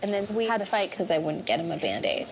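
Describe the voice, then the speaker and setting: A woman's voice: lowish voice, very animated, fast. Tired-sounding woman telling a story. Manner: soft, frequent likes, tired tone. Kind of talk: candid casual storytelling. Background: music.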